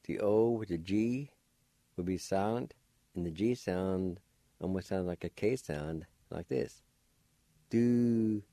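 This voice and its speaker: A slow, patient man teaching a radio language lesson. His voice sits a little low, and he spells each word out one syllable at a time. The sound is dry and close. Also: dark tone, no room sound.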